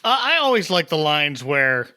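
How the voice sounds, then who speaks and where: A man's voice: fairly high pitch, big pitch swings, moderate pace, bright, forceful tone, dry recording. A man guest chatting casually about his voice acting, wry and self-deprecating. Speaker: podcast guest, voice actor. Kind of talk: casual chat.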